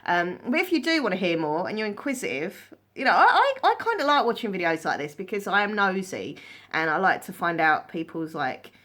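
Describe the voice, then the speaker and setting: A woman's voice: medium pitch, big pitch swings, brisk, fairly bright tone. A woman in her late thirties telling a candid storytime to her viewers, chatty and rambling with lots of fillers. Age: 30s. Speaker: vlogger. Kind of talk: casual storytime chat.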